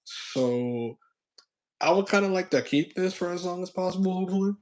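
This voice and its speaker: A young man hosting his own stream, chatting casually with a friend in a rambling, reflective way that often trails off into quieter asides. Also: high voice, animated, normal speed. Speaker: channel host.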